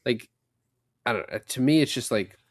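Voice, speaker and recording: On a laid-back podcast, this young co-host walks through a film one scene at a time, cursing a lot and performing the characters' dialogue in a lively recap. His mid-range voice keeps a moderate pace, captured in studio quality with no room sound.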